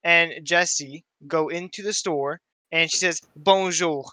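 A young man from Canada, co-hosting a podcast and telling a story in an excitable, casual way. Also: a little high, a little slow, dry recording. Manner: excitable storytelling with frequent swearing. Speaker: podcast co-host. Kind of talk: casual chat.

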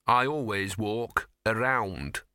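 A man's voice: fairly low pitch, slow pace, pushed and bright, smooth, dry recording, clean studio sound. A man voicing a scruffy, cynical male talking dog who sounds smug and sardonic, reading from a storybook.

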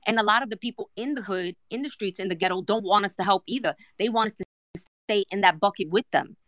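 A woman's voice: medium pitch, quick pace, no room sound. Blunt New York woman, dry close sound. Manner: blunt and forceful. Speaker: guest speaker. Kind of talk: outspoken casual talk.

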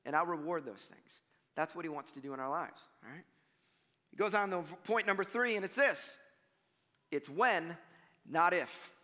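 A man's voice: a little high, normal speed, long pauses. A man preaching a sermon as pastor, talking conversationally to his congregation and acting out what people say. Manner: conversational, animated, acts out mock voices. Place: church sanctuary. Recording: long reverb of a church hall.

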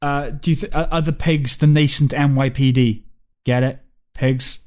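A man's voice: mid-range voice, fairly even intonation, moderate pace, darkish tone. A man chatting casually as a podcast co-host, reviewing a TV episode with wry, hedging remarks.

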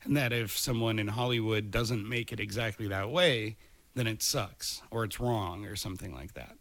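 A man's voice: on the low side, moderate pace, fairly bright tone. A man co-hosting a podcast in casual chat, blunt and opinionated, with frequent swearing. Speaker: podcast co-host. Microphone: studio microphone.

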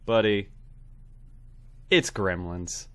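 A man's voice: fairly low pitch, drawn-out words, fairly bright tone. A sick, sniffly man co-hosting a podcast in a laid-back, self-deprecating chat. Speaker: podcast co-host.

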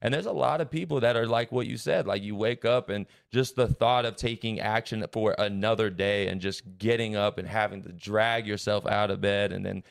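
A young man in calm, reflective podcast conversation, with a low voice that is gravelly yet smooth and resonant. The sound is dry and close. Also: normal speed, few pauses, dry recording. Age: young adult. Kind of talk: casual podcast chat.

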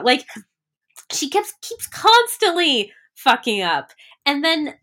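A woman talks her way through a movie plot in a loose, rambling chat, circling back and restarting her sentences. Her voice sits a little high. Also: a little slow. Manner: rambling, animated, many fillers and restarts. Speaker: podcast co-host. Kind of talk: casual chat about a movie.

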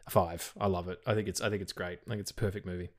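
A man's voice: low voice, flat delivery, rapid-fire, a crowd in the background. Rambling man, sweary. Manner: rambling, swears freely, stutters and restarts. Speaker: podcast co-host. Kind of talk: casual film podcast chat.

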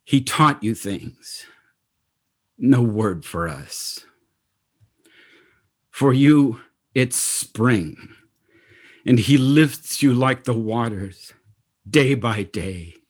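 A man voicing a defiant old tribal chief who speaks bluntly and bitterly, in measured phrases. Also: medium pitch, husky. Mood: sorrowful.

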